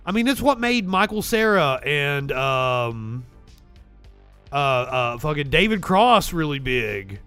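A man's voice: a little high, sing-song, slow pace, pushed and bright, smooth, faint music behind. A man co-hosting a casual talk show, rambling, laughing often and swearing freely. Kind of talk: casual livestream chat.

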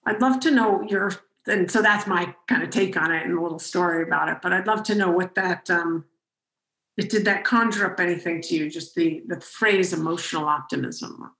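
A woman podcast host telling a story in an animated way, with frequent restarts. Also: on the low side, moderate pace, roomy sound, rough recording. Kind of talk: conversational storytelling.

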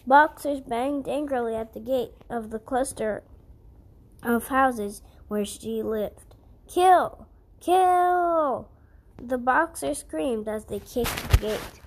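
A woman's voice: sits high, a little mellow, slight background noise, rough recording. A woman reading a historical Christian story aloud in an earnest way, often stumbling over words and correcting herself.

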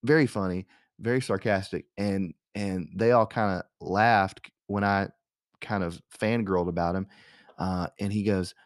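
Young male host, rambling anecdotal delivery, lowish voice, dry close sound. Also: steady tone, normal speed, dry recording. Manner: rambling, chatty, with frequent fillers and restarts. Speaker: radio host. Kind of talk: casual storytelling monologue.

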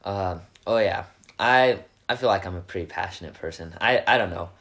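A teenage boy, a high school quarterback, answering interview questions in an earnest, upbeat way. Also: moderate pace. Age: teens. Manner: earnest and upbeat, gets animated. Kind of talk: casual interview chat.

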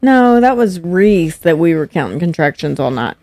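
Speaking at a normal pace with a fairly low pitch, this young woman is a guest on her husband's podcast. Her casual storytelling is lively, and she performs what others said in their own voices. The audio is studio quality with no room sound.

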